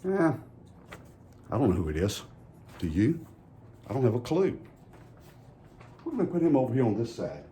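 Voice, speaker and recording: A man's voice: mid-range voice, big pitch swings, a little fast, long pauses, dark tone, a little hiss or hum. A man giving a children's message at church in a folksy way, asking the kids playful questions. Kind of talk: children's sermon.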